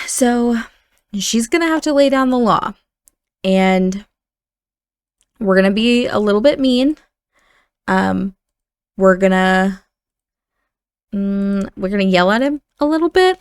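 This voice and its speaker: A woman narrates her life-sim game in a relaxed, rambling way, full of fillers. Her voice sits at a middle pitch and is captured close to the mic in a dry, dead room. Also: slow, pauses often, clean tone, dry recording. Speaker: gaming channel host. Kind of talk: casual let's-play narration.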